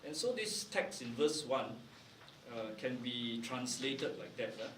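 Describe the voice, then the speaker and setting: A man's voice: medium pitch, expressive, a bit bright, a little hiss or hum. A man in his sixties preaching a sermon as pastor at a prayer meeting, explaining carefully and often checking with "right?". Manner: measured, explanatory, frequent "right?" and "uh". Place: church hall. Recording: echoey church hall, mic at a distance.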